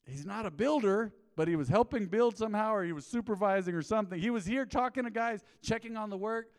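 Folksy middle-aged pastor, reverberant church. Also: male voice, sits high, fast talker. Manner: folksy storytelling, peppered with "man". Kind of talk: sermon. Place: church sanctuary. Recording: long reverb of a church hall.

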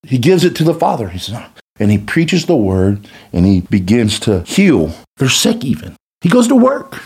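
A man giving a casual, animated Bible teaching in colloquial speech. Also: lowish voice, moderate pace, slightly rough. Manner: animated, colloquial, acts out quotes. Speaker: guest speaker.

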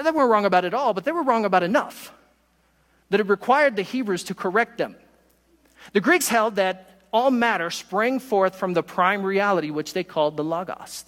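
A man preaching a sermon as pastor, emphatic, speeding through asides and slowing down to stress key words. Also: sits high, a bit bright, long reverb tail. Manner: emphatic preaching, pace shifting from quick asides to slow stresses.

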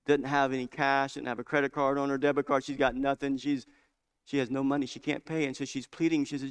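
A man's voice: medium pitch, steady tone, brisk, a bit bright, clean tone. A man preaching a sermon, telling a story and rising into fervent, emphatic preaching.

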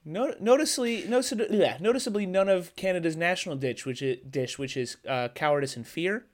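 A man co-hosting a podcast in casual chat, dropping quick deadpan jokes. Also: sits high. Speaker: podcast co-host.

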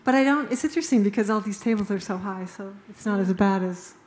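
A woman's voice: mid-range voice, fast talker, a little mellow, slight background noise. A woman speaking casually and spontaneously as a panel participant, laughing often between phrases.

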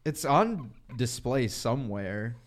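A man's voice: mid-range voice, sing-song, takes it slowly. A young man hosting a podcast in casual chat, laughing often and stumbling over tricky names. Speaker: podcast host.

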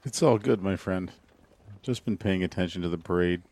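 A man's voice: low-pitched, normal speed, a little mellow. A man playing a tabletop game, joking and insistent. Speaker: player. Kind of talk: tabletop role-play.

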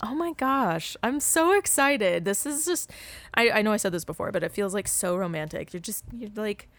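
A woman's voice: mid-range voice, expressive, normal speed, a bit bright, no room sound. A young adult woman co-hosting a podcast, chatting enthusiastically and agreeing often. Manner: enthusiastic, lots of agreeing murmurs. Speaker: podcast co-host. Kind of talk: casual chat.

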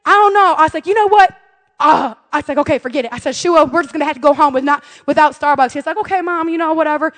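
A middle-aged woman telling a personal story with expressive, exasperated energy. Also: high voice, rapid-fire, few pauses. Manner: expressive, rising to loud exasperation. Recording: long hall reverb.

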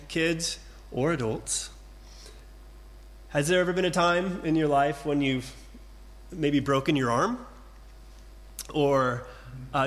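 A middle-aged pastor preaches in a gentle, reassuring way, leaning on slow pauses and repeated lines. His voice sits a little high for a man. A long reverb trails his words through the church hall. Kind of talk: sermon.

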